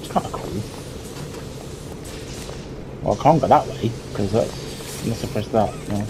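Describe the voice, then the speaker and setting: A man's voice: fairly low pitch, a little slow, background noise. A young man commenting on a horror game as he plays, swearing a lot and yelping when something startles him. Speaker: gameplay streamer. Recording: game music loud behind voice.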